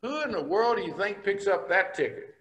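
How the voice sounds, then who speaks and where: A man's voice: high-pitched, lively intonation, brisk, fairly bright tone, muffled recording. An older man from Texas, a state senator, telling folksy stories in a speech to a business breakfast. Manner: folksy storytelling, plain-spoken. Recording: long hall reverb.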